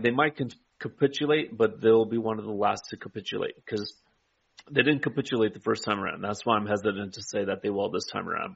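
A man in a casual political chat, talking in a measured, hedging way. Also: lowish voice, gravelly, a bit bright, husky. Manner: measured, hedging, frequent "I mean" and "right?". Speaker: co-host. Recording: dull lo-fi audio.

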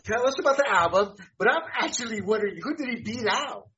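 Bright high-voiced easygoing man. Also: expressive, quick pace. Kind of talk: casual chat. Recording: dull lo-fi audio.

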